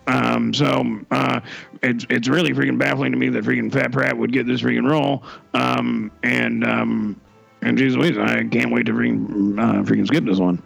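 A man on a comedy podcast who talks haltingly with many ums and packs a mild curse word into nearly every phrase. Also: mid-range voice, vocal fry, fairly bright tone, poor audio. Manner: hesitant, stuffs every sentence with one mild curse word.

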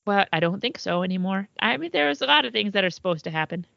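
A woman's voice: mid-range voice, lively intonation, quick pace, creaky, a bit bright, no echo, lo-fi sound. A woman co-hosting a podcast in casual chat, swearing freely and trailing off mid-thought. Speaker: podcast co-host.

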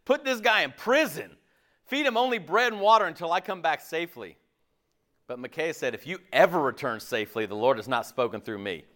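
A pastor giving a casual, jokey sermon, asking the audience questions and laughing often. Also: male voice, on the high side, animated, fairly quick, a bit bright.

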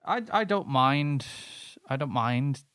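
A man co-hosting a podcast, bantering casually and giving his opinions quickly. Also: medium pitch, expressive, a bit bright, clear, resonant tone, no echo. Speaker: podcast co-host.

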